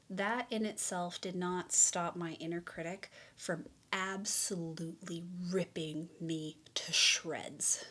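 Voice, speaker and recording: A woman giving a candid, reflective personal explainer to the camera, earnest and open. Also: medium pitch. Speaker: mental health vlogger.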